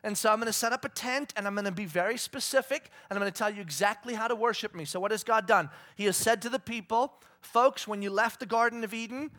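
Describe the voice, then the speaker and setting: High-voiced, animated man preaching a sermon. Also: fast, few pauses. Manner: animated, asks the crowd questions; acts out God and the people in quoted voices. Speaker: pastor.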